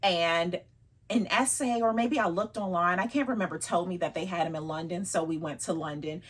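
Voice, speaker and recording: A woman's voice: on the low side, fairly quick, husky. A woman vlogger chatting casually about her luxury bags, laughing often and teasing herself.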